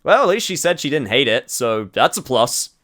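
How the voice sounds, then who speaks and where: A man's voice: medium pitch, very animated, moderate pace, a bit bright. A young man giving rambling, self-deprecating commentary over a game, laughing at his own slips. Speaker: game streamer. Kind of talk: let's play commentary.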